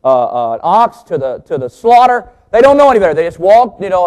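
Teaching from the pulpit, this man jokes with his congregation throughout the sermon. He's animated and humorous, dropping his pace and leaning on important words, his pitch rising and falling to drive points home.

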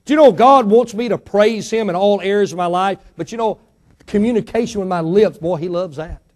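A man with a noticeably high voice delivers a church sermon. He is middle-aged and emphatic, pressing rhetorical questions and letting his voice climb and drop for effect. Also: a little fast, a little mellow. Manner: emphatic preacher, rising and falling dynamically, rhetorical questions. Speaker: pastor.

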